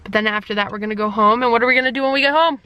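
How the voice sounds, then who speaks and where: A woman's voice: fairly high pitch, racing, bright, forceful tone, smooth. A woman chatting casually to her vlog camera, a chatty, rambling talker who leans on fillers, filmed on a handheld camera. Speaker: family vlogger.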